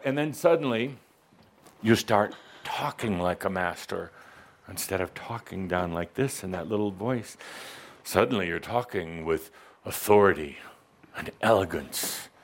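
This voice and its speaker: Speaking on the low side, this man is a spiritual teacher addressing a live audience in a playful way. His manner is theatrical: he teases the group and performs little voices. A little background noise can be heard.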